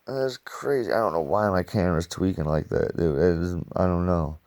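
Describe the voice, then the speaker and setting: A man casually reviewing comic books in a loose, slangy, excitable way. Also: low-pitched, fairly quick.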